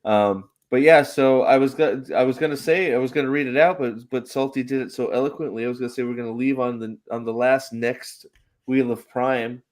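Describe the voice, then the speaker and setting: A man hosting a livestream, talking casually and ramblingly with many halting restarts. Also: mid-range voice, fairly even intonation, a little mellow. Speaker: host.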